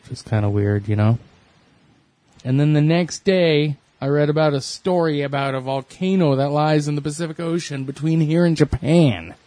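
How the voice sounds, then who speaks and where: A man's voice: a little high, moderate pace, warm tone, no echo. Laid-back man in casual chat. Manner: rambling, laid-back storytelling.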